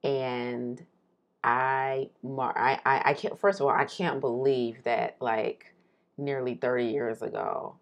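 Very deep, gravelly-voiced woman podcaster. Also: slow, highs cut off. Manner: animated, rambling, laughs often. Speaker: podcast co-host. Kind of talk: casual chat, imagining the future.

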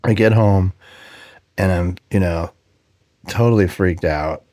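Deep-voiced man telling career stories. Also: slow, no echo, clean studio sound. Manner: animated anecdotes, laughs often, acts out dialogue. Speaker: production sound mixer guest. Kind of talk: conversational career storytelling.

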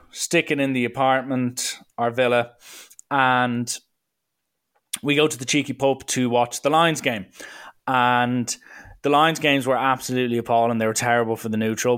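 A man's voice: mid-range voice, fairly even intonation, moderate pace, a bit bright, clear, resonant tone. A man, hosting a solo podcast and telling a story in a chatty, rambling way. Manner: rambling and chatty, with fillers and slang. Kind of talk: casual storytelling monologue.

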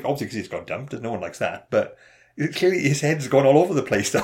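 Man, quick delivery, casual podcast chat, animated storytelling. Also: mid-range voice. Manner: fast, animated storytelling with acted-out quotes and frequent laughs. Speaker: podcast co-host.

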